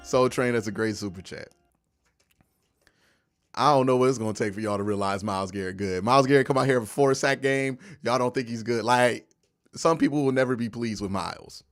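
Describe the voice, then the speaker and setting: A man's voice: medium pitch, brisk, dry recording, clean studio sound. A young man hosting a casual live-stream sports show, arguing his points with energy and answering viewers' chat messages. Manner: animated, argumentative, reads and answers viewer chat. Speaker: host of a live football post-game stream.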